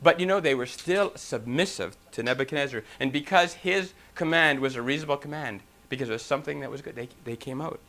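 A man preaching a sermon who reads scripture aloud and then explains it in his own words, sometimes loud and animated. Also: medium pitch, quick pace, few pauses.

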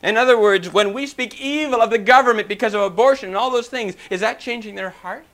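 A man preaching a sermon who reads scripture aloud and then explains it in his own words, sometimes loud and animated. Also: high-pitched, fast talker.

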